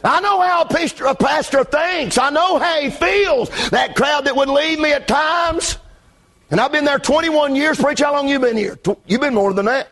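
A man pastor preaching a revival sermon from the pulpit, shouting in a chanting preaching cadence. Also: very high voice, normal speed. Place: church pulpit.

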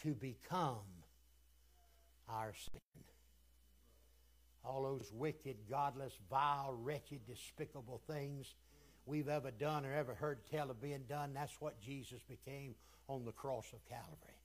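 A man preaching a sermon, dropping to a hush and then building to shouted, chanting climaxes. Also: fairly even intonation, measured pace. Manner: swings from hushed low lines to shouted climaxes.

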